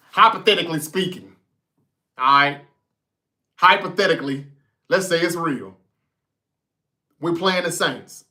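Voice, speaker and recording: A man hosting a casual sports talk livestream, reading viewer comments and talking straight to the chat with a profane, animated manner. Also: sits high. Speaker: sports talk show host.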